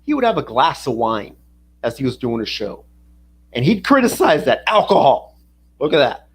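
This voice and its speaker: A man's voice: mid-range voice, sing-song, moderate pace, slightly rough. A man in casual chat who mostly agrees and backs up the other speaker with loose replies. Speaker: co-host.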